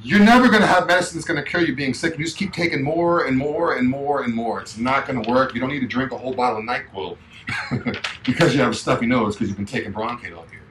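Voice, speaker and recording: A man's voice: medium pitch, quick pace, a bit bright, slight background noise. A man co-hosting a casual talk show, speaking in an emphatic, rambling way. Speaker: co-host. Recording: roomy echo.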